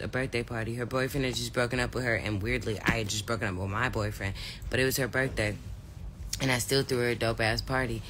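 A woman's voice: low-pitched, fairly bright tone, slight background noise. A woman on a livestream, chatting casually and telling stories in a brash, swearing way. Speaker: host.

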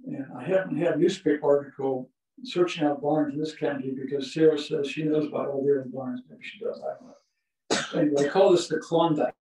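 A man's voice: on the high side, a little mellow. A man from Ohio telling folksy, rambling stories in a lecture over a video call. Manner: folksy, rambling, with many uh fillers. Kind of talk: storytelling lecture. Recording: echoey, distant from the mic.

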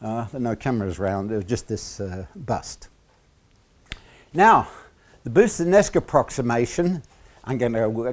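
An Australian lecturer, animated and medium in pitch, addresses a university class. He often stops on fillers and works in jokey asides.

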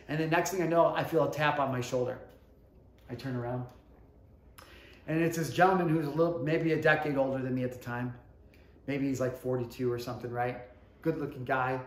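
A man in his thirties giving a motivational talk, telling a personal story with emphatic swings between hushed and loud delivery and casual swearing. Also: on the high side. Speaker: motivational speaker. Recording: echoey room.

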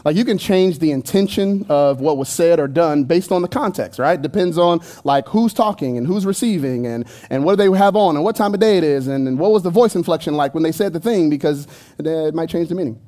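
High-voiced guy preaching, mellow warm tone, chatty and jokey with the congregation. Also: expressive, fairly quick. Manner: conversational and playful, with asides and jokes to the congregation. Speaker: pastor. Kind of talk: sermon. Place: church. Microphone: handheld microphone.

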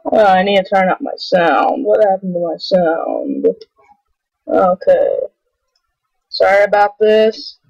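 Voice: medium pitch, big pitch swings, gravelly, darkish tone, dry recording. A gamer giving anxious, playful commentary over gameplay. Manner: anxious, pleading and playful, drawn-out slow talk. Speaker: gamer recording a let's play. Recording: dry lo-fi home recording.

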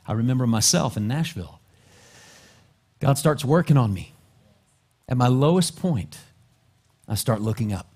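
A male pastor preaching a sermon, dropping to soft, low asides and then climbing into loud, rising exhortation. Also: expressive, moderate pace, pauses often, breathy edge. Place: church sanctuary.

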